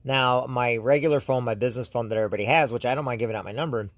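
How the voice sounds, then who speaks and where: A man from the United States talks casually to his viewers in a vlog, rambling and often restarting his sentences. His voice sits at an ordinary middle pitch. The sound is dry, with no room echo around it. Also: very fast. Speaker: YouTube host.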